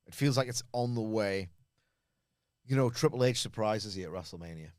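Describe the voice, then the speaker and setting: A man's voice: lowish voice, expressive, moderate pace, darkish tone, no room sound, clean studio sound. A man co-hosting a casual podcast, rambling through stories with lots of fillers and restarts. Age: adult with a school-age daughter. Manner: rambling, filler-heavy storytelling. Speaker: podcast co-host, wrestling reviewer.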